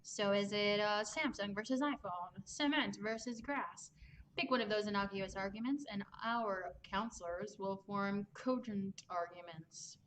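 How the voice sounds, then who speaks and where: A woman's voice: mid-range voice, measured pace, a bit bright, a little hiss or hum, poor audio. A woman hosting a live online improv comedy show, chatty and upbeat. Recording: music playing behind.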